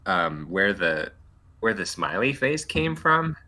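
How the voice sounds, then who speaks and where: A man's voice: lowish voice, slow. A man in a casual group call, telling an anecdote and acting out the quoted lines. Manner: animated storyteller, acts out quoted lines. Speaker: webcomic creator.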